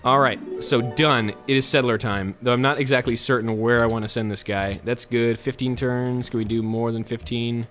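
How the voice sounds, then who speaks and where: A man's voice: mid-range voice, steady tone, moderate pace, hardly any pauses, fairly bright tone, soft background music. A man giving casual, chatty gameplay commentary as a let's play host, with jokes and self-mocking asides.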